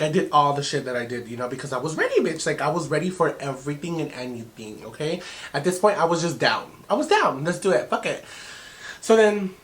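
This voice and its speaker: Young male vlogger, animated storytime, profane, code-switches to Spanish. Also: fairly high pitch. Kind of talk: storytime vlog.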